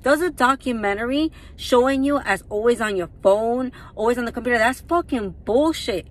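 Young woman, higher voice, mad as hell, cussing nonstop in a rant. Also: a little fast. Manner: furious and profane, swearing constantly. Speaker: reality TV personality. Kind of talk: angry rant to followers.

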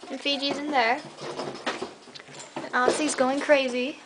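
A woman's voice: level tone, unhurried, background noise. Tired young woman rambling about her pets. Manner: rambling, chatty, many fillers; high coaxing voice when calling her pets. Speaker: pet vlogger. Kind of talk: casual pet cage tour. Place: indoor room at home. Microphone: handheld camera mic.

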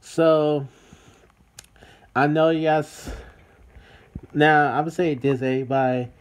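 A man's voice: a little high, steady tone, slow, clean tone. A man talking in a casual vlog to his viewers, repeating himself and calling out to everybody. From United States. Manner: repetitive, addresses viewers as everybody. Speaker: vlogger. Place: city.

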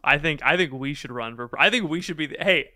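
A man's voice: fairly high pitch, fast, bright, forceful tone, no echo, clean studio sound. A man co-hosting a casual podcast chat, joking and riffing with his co-host.

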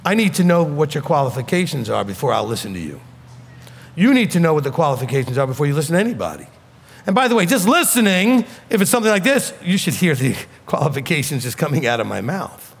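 A man's voice: on the high side, sing-song, fast talker, vocal fry, breathy edge, in a large hall. A man with a New York accent preaching a sermon as a rabbi, blunt and emphatic.

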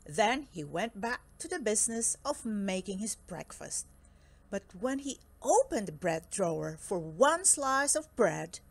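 A woman reading a children's picture book aloud in a slow, expressive storytelling manner. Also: medium pitch, vocal fry, dry recording.

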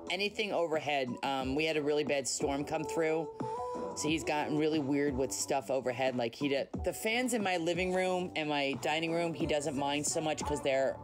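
Over background music, a woman with a deep voice talks at normal speed. She's hosting a casual livestream on her phone from home at night, chatting and teasing as she replies to viewers' comments.

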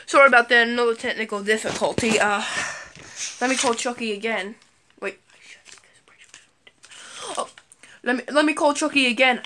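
A woman's voice: a little high, moderate pace, long pauses, pushed and bright, a little hiss or hum. A woman vlogger in a staged prank video, talking melodramatically with lots of exclamations and fillers. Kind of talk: scripted prank vlog.

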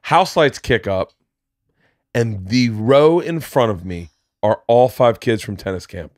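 A middle-aged man co-hosting a podcast, telling stories in a casual, animated way with sudden high-pitched excited bursts. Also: a little slow, no room sound, clean studio sound. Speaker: podcast co-host. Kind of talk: casual storytelling chat.

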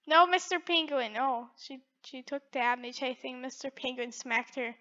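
A woman's voice: high voice, unhurried, bright, forceful tone, muffled recording. A woman giving playful, teasing gameplay commentary with frequent giggles. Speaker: gaming video creator.

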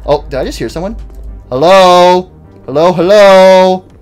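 A young man hosting a horror game let's-play, rambling and jittery, who bursts into high-pitched panicked yelling. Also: unhurried, faint music behind. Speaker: gaming channel host.

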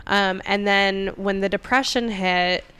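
A woman's voice: medium pitch, fairly even intonation, unhurried, sharp tone, clear, resonant tone. A woman from Kentucky co-hosting a comedy podcast, chatty and telling a history story with jokes and asides while sipping bourbon. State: drinking bourbon. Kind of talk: casual comedic chat.

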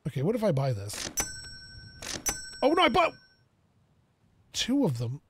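A young man giving casual let's-play commentary, excitable and self-mocking, talking to himself as he plays. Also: high-pitched, measured pace, breathy edge. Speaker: gaming video creator.

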